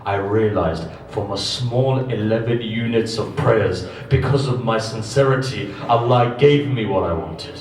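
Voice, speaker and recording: A man giving a religious sermon to a gathering, telling stories with animated swings between loud emphasis and quiet asides. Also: fairly low pitch, a little slow, few pauses. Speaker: religious lecturer. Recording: echoey hall, distant mic, faint background noise.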